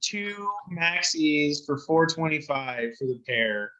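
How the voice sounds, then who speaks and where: A man's voice: on the high side, animated, takes it slowly, bright, forceful tone, highs cut off. A young man chatting casually on a podcast, telling rambling stories full of swearing. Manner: profane, rambling storyteller. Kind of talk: casual chat.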